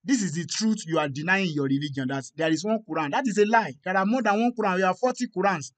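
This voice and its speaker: A man's voice: sits high, quick pace. A man hosting a confrontational debate, pressing his caller with repeated, insistent questions. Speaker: host.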